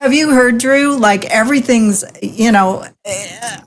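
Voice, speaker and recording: A woman's voice: a little high, a little slow. A woman in her sixties co-hosting a talk show, telling chatty, self-deprecating stories in a casual way. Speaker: co-host. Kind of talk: casual chat.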